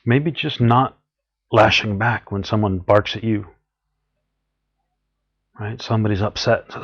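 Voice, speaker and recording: A man's voice: on the low side, expressive, normal speed, pauses often, muffled recording. A man giving an earnest, encouraging spiritual talk, often acting out what people say. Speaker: spiritual teacher.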